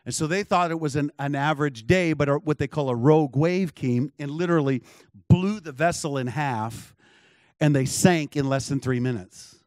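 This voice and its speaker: A man's voice: a little high, dry recording, clean studio sound. A man preaching a sermon in a conversational, storytelling way, full of asides to the congregation. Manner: conversational, many asides and checks with the crowd. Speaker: pastor. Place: church.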